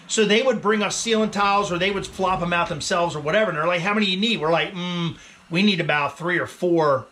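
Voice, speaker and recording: A man's voice: sits high, sharp tone, slight background noise. A man in his forties, a firefighter, telling a story in a casual vlog in a laid-back way, laughing often and saying "man" a lot. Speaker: vlogger, firefighter.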